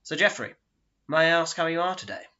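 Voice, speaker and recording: A man's voice: a little high, steady tone, brisk, voice pushed up. A man doing a polite, earnest therapist. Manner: gentle, careful, formal questions. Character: earnest male therapist, soft-spoken and polite. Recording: dull lo-fi recording.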